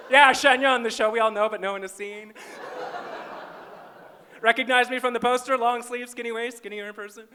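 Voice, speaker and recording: High, bright-voiced wry comedian. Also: male voice, fairly even intonation, normal speed, pauses often. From small-town Minnesota, US. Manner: wry, self-deprecating punchline delivery. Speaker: stand-up comedian. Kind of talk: stand-up comedy set. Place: live on stage at a comedy festival.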